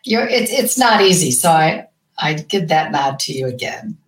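A woman's voice: low-pitched, big pitch swings, normal speed. A woman author on a panel, talking expressively and praising a fellow narrator. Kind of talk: casual panel chat. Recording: roomy and distant from the mic.

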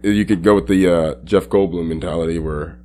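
A man's voice: deep voice, fairly even intonation, a little fast, a little mellow. A playful man chatting casually on a podcast and telling side stories. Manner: playful, tells side anecdotes. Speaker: podcast co-host. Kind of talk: casual chat.

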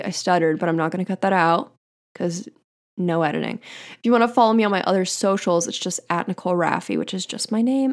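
A woman's voice: mid-range voice, vocal fry. A young woman hosting her own podcast, chatting casually and bubbly as she reads out listener comments. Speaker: podcast host. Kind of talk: casual solo podcast chat.

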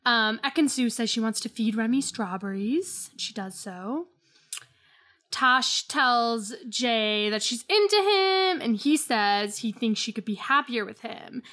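Young female co-host, wry recap delivery, slightly high voice. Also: animated, unhurried, sharp tone. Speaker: podcast co-host. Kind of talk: casual chat recapping a reality show.

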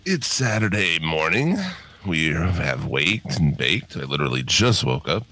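A man's voice: a bass voice, big pitch swings, measured pace, bright, forceful tone. A middle-aged man hosting a podcast in a groggy morning voice, laid-back and swearing freely as he chats and laughs. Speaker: podcast host. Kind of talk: casual chat.

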